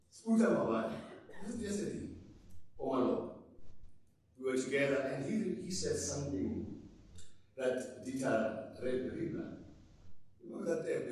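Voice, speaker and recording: A man's voice: mid-range voice, a little mellow. A man giving a rambling, informal memorial speech in a theater, breaking into sudden emphatic bursts. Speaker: speaker at a memorial service. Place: theater auditorium. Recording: echoey theater hall, mic at a distance.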